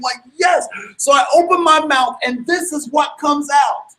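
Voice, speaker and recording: Speaking at a moderate pace, a very high-voiced man shares a personal story with an audience, lively and animated throughout. He trips over repeated words, restarts, and erupts into loud, excited bursts. The recording quality is low.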